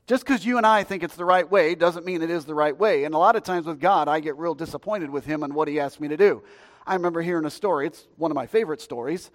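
A man preaching a sermon, telling stories in a lively, conversational way with jokes aimed at the congregation. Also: high voice, fairly quick, long reverb tail. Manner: storytelling, lively and conversational, joking aside to the congregation. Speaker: pastor.

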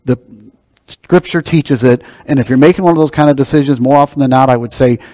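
Animated preaching man in a reverberant hall. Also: mid-range voice, a little fast. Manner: animated preaching, swinging from loud bursts to hushed asides. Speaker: pastor. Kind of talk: sermon.

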